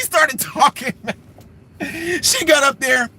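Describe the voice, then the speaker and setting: A man's voice: sits high, animated, moderate pace, a bit bright. A man hosting a livestream commentary, rambling and sarcastic in a slangy style. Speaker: commentary channel host.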